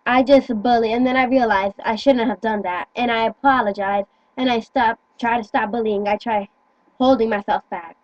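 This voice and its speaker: A woman's voice: fairly high pitch, steady tone, moderate pace, no echo, highs cut off. A teenage girl talking earnestly into a phone in casual chat, rambling and stumbling over her words. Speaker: teen vlogger.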